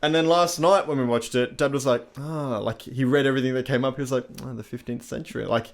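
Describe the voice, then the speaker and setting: A man's voice: mid-range voice, steady tone, fast talker. A man co-hosting a film podcast, wry and self-deprecating in casual chat. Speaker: podcast co-host.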